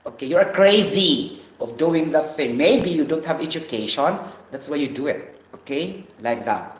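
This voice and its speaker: A man's voice: fairly high pitch, lively intonation, moderate pace. A man from the Philippines, vlogging in a rambling, preachy monologue and tagging phrases with a questioning "okay?". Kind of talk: casual vlog monologue. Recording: roomy echo.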